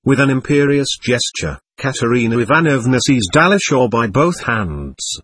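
A man narrating a novel as an audiobook reader, in an expressive, measured way. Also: medium pitch, slightly rough, no room sound. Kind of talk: scripted narration.

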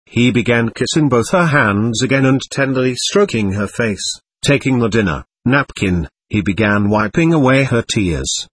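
A man narrating an audiobook in a measured storytelling manner, with a husky voice. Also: mid-range voice, very animated, fairly bright tone, dry recording. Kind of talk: scripted narration.

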